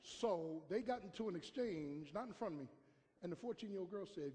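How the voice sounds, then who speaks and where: High-voiced pastor preaching in a hall. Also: male voice, expressive, brisk, dark tone. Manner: preaching with storytelling and call-and-response. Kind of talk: sermon. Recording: long hall reverb, faint room noise.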